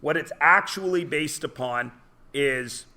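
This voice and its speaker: A man's voice: fairly high pitch, slow, pushed and bright. A man teaching a class, chatty and joking as he lectures and quizzes his students in a classroom.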